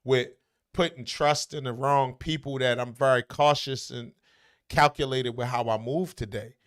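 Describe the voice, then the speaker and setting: A man's voice: mid-range voice, steady tone, normal speed. A man talking casually, blunt and profane, with emphatic, brash delivery. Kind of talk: casual chat.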